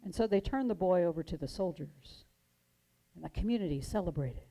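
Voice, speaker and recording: A woman minister giving a sermon, telling stories in a gentle, measured way and dramatizing the quotes. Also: lowish voice, lively intonation, creaky, rough recording. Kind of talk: sermon storytelling.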